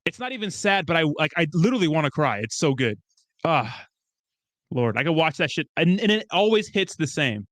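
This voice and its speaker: A young man chatting casually as a streamer, rambling and excitable, swearing often and breaking into laughs. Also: on the high side, a little fast, no room sound. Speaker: crypto streamer. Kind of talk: casual chat.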